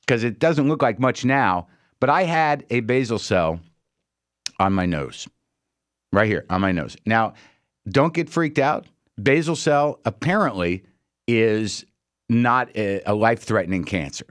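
A man hosts a radio show in a loose comic monologue. He rambles wryly and acts out the people he quotes. His voice sits at an ordinary pitch, recorded dry and close in the studio. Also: expressive, moderate pace, a bit bright, dry recording.

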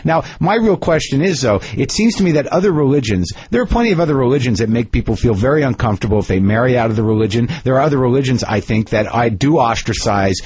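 Male radio host, quick joking questions, husky voice, interrupts often. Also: medium pitch, lively intonation, a little mellow, no room sound. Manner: fast-talking, joking, interrupts.

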